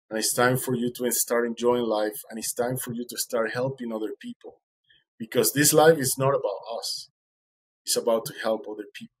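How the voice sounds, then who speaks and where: A man's voice: medium pitch, slightly rough, poor audio. A man, an interview guest, telling his story animatedly and acting out the dialogue, with non-native grammar.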